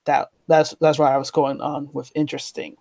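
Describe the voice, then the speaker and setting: A man's voice: a little high, level tone, moderate pace, vocal fry, a little mellow, no echo. A talkative man in a casual chat who argues his points at length. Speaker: co-host.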